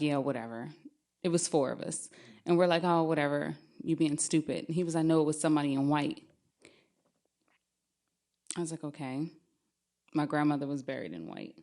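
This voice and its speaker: A young adult woman telling a true spooky story on a podcast, lively and often laughing as she talks. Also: low-pitched.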